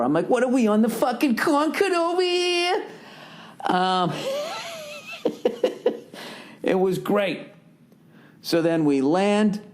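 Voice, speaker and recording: A middle-aged man hosting a podcast, talking casually in a profane, worked-up rant. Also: fairly high pitch. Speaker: podcast host. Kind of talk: casual monologue.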